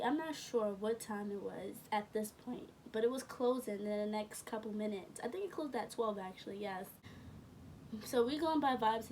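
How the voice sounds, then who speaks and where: Young woman rambling thru a story, kinda high voice, bit far from the mic with faint noise behind. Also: a little mellow. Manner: rambling, self-correcting, slangy. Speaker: vlogger. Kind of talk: casual storytime. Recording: from a distance with faint room noise.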